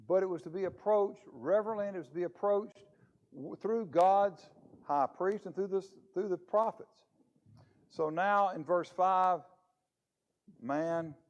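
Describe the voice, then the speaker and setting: A man's voice: on the high side, darkish tone, highs cut off. A man preaching a conversational Bible lesson in church, with a chatty manner full of rhetorical questions. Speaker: preacher teaching a Bible class.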